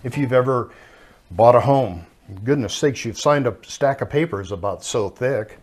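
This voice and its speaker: A man's voice: medium pitch, expressive, normal speed, darkish tone, faint music behind. An older man teaching a marriage course with his wife, telling stories in a folksy way. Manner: folksy storyteller.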